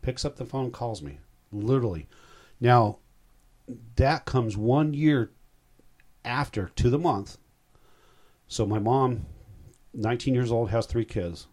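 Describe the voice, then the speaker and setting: A man's voice: medium pitch, takes it slowly, long pauses, darkish tone. A man in his sixties, a guest recounting a personal story in a rambling, heartfelt way. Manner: rambling, heartfelt, self-interrupting.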